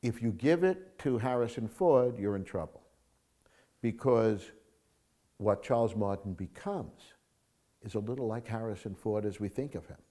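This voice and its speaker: Male screenwriter guest, lower voice, emphatic and animated, telling stories in answers. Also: normal speed. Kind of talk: interview answers.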